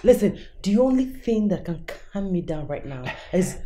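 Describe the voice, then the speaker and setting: An actress playing a sulking woman who demands things to calm her down. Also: lowish voice, moderate pace, slight background noise. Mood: sulky. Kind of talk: Nollywood film acting.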